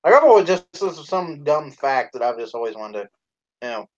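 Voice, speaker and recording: A man's voice: fairly high pitch, sing-song, brisk. Profane man chatting on a lo-fi stream. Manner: profane, laughing, acts out quoted lines loudly. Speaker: live stream co-host. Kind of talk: casual live stream chat.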